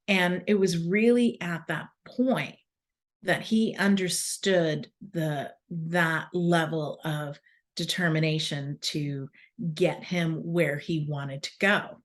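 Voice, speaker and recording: A woman in her forties telling casual stories. She rambles, laughs mid-sentence and breaks off into asides. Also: fairly low pitch. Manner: self-correcting restarts and asides. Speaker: wellness speaker. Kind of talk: casual storytelling.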